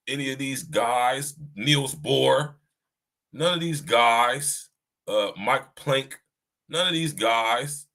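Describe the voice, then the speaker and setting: A man hosts a podcast alone and talks to his listeners in a loose, conversational monologue about faith. His voice is bright and forward. He checks in with "right?" again and again, and he repeats himself and restarts his sentences as he goes. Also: mid-range voice. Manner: talks to listeners directly, often asks "right?"; restarts and repeats himself while searching for words. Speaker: podcast host. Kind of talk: casual spiritual monologue.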